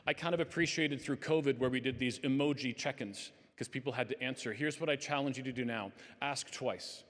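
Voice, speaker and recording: A man giving an earnest, conversational talk as a conference speaker to a live audience, with lively emphasis. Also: medium pitch, brisk. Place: conference hall. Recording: long reverb of a hall.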